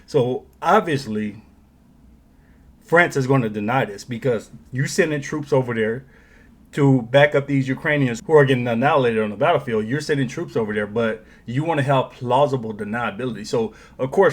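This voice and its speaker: A man's voice: medium pitch, normal speed. Sarcastic man ranting. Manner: sarcastic, mocks opponents in put-on quotes. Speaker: political commentary host. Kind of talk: opinionated commentary monologue.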